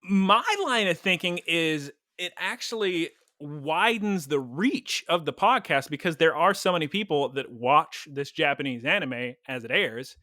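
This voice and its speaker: A man co-hosting a podcast in casual chat, playful and quick to laugh. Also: on the high side, bright, forceful tone, no room sound, clean studio sound. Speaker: podcast co-host.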